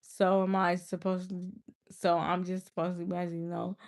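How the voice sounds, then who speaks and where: A woman's voice: lowish voice, completely flat delivery, normal speed, creaky. A young woman livestreaming, casually and exasperatedly scolding a viewer in the chat. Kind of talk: casual live-stream talk to chat.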